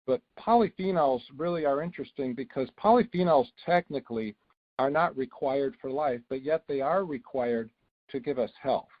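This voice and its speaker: A man speaking as a guest doctor on a phone call, talking in a relaxed, chatty way with many fillers. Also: medium pitch, normal speed. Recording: dull phone line.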